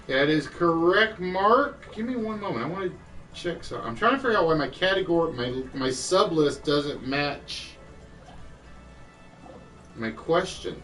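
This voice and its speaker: A man hosting an online quiz show, chatting and thinking aloud, reading clues out slowly. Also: on the high side, animated, fairly bright tone, far from the mic, low-quality recording. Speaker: game show host. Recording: voice a bit off-mic with music behind.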